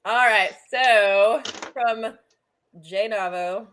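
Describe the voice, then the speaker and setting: A woman hosting a casual livestream, chatting in a bubbly, excitable way that swings from loud bursts to soft asides. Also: medium pitch, very slow, a little hiss or hum. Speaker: livestream host.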